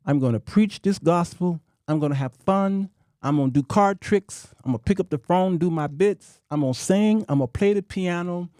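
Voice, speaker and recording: A man's voice: high-pitched, moderate pace, mellow, no echo, studio quality. A man in his fifties hosting his own show, talking in a folksy, preachy monologue that repeats itself. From United States. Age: 50s. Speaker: show host. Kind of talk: casual talk-show monologue.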